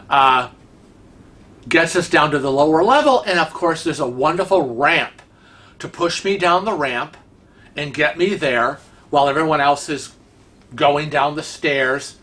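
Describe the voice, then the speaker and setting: Male vlog host, animated storyteller, slightly raised pitch, tense bright tone. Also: unhurried. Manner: chatty, animated, acts out quoted dialogue. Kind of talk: casual storytelling.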